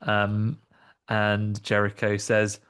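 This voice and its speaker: A man's voice: fairly low pitch, completely flat delivery, slow, a bit bright, clear, resonant tone. Man hosting a jokey film chat. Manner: jokey, acts out film lines in funny voices. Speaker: podcast co-host. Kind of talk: casual film review chat.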